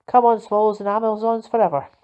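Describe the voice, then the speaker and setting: A woman voicing an eager young girl in a storybook reading, excitable and loud with cheering. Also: mid-range voice, fast talker, clear, resonant tone, pitched above the performer's own voice, close to an everyday voice. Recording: dull lo-fi recording.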